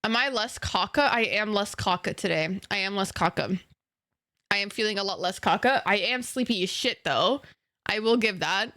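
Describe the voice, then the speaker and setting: A woman's voice: mid-range voice, moderate pace, bright, forceful tone, dry recording, studio quality. A young woman from Egypt streaming a game and chatting casually with viewers, playful and giggly, swearing freely and using slang.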